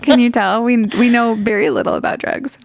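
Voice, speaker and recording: A young woman co-hosting a casual true-crime podcast, chatty and quick to laugh. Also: on the high side, vocal fry, no echo. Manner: chatty, laughs often, hedges playfully. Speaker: podcast co-host.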